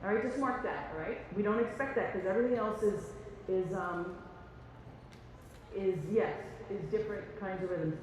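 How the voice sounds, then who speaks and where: A woman's voice: medium pitch, normal speed, a little mellow, slight background noise. A woman leading a choir rehearsal, chatty and joking, who sings rhythms on syllables and counts the singers in. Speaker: choir conductor. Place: large rehearsal hall. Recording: echoey hall from far off, with music.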